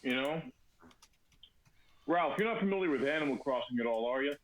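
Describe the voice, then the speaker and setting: A man chatting casually on a podcast, throwing in quick, wry quips. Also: mid-range voice, lively intonation, poor audio. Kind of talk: casual chat.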